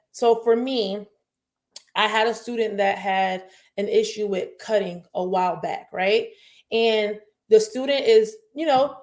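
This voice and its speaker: A young woman teacher and host talking earnestly and passionately in a casual panel chat, rambling with many fillers. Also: a little high.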